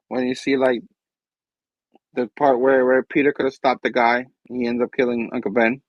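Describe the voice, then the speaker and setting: A man's voice: medium pitch, little pitch movement, normal speed, no room sound, low-quality recording. A man hosting a casual comic book review chat, enthusiastic and rambling. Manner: enthusiastic, rambling, acts out characters' lines. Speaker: host.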